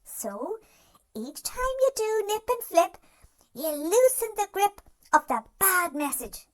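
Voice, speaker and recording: A gentle, caring cartoon dog, voiced by a performer, offers self-help advice in scripted narration. The voice sits high and swoops with lively ups and downs. It speaks slowly and soothingly, addressing the listener directly. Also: heavily acted.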